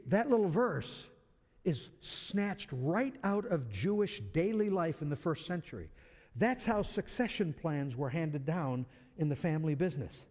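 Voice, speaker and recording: Male preacher, higher voice, lots of pitch movement, chatty sermon delivery with restarts, church hall reverb. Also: a little mellow. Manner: conversational, repeats words as he restarts.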